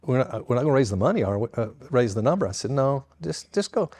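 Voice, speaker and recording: An older man, a pastor retelling a story with lively quoted dialogue to an audience. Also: medium pitch, racing, breathy edge.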